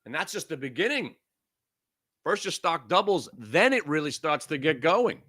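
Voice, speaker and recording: A man's voice: on the high side, sing-song, moderate pace, bright, forceful tone. A middle-aged man hosting a live stock trading room, ranting frantically with lots of swearing. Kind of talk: live market commentary.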